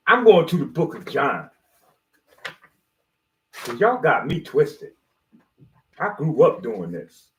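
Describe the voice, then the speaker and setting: A man's voice: on the high side, wildly swooping pitch, unhurried, long pauses, a bit bright. A man giving a rambling motivational monologue, preachy and slangy, with loose jokes and swearing. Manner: slangy, street-style talk. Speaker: motivational video host.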